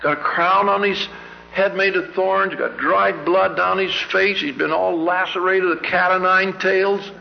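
Gravelly older man preaching in a hall. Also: sits high, fairly even intonation, a little slow, slight background noise. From Canada. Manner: earnest storyteller, asks many searching questions. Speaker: church speaker. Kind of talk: anecdotal sermon. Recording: dull lo-fi recording in a reverberant hall.

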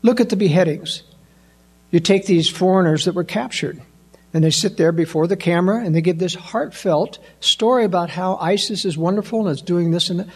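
A man's voice: high-pitched, a little fast, slightly rough. An older man giving an emphatic monologue to an audience, firing off incredulous rhetorical questions. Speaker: political commentator.

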